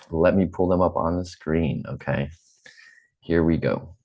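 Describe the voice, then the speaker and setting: A man in his forties with a General American accent, teaching an online English class slowly and patiently, repeating himself, over a computer mic on a video call. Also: low voice, steady tone, a little mellow, highs cut off. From United States. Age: 40s.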